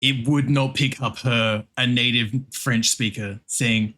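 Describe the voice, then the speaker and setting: A man's voice: mid-range voice, fairly even intonation, measured pace, few pauses, sharp tone. Brief: man, art streamer, loose rambling chatter with fillers and little laughs, drawing while he talks. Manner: rambling, reacts to chat and background music.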